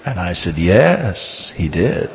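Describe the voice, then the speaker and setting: A man, a Catholic priest, preaching a sermon and telling a personal story in a measured way, slowing down for emphasis. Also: deep voice, sing-song. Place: church. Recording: reverberant church hall.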